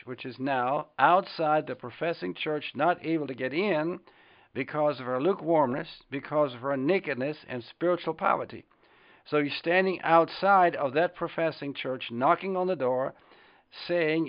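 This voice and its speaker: A man preaching a sermon with fervor, rising in volume when he quotes scripture. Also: on the high side. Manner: fervent, swells louder on quoted words of scripture. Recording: dull lo-fi recording.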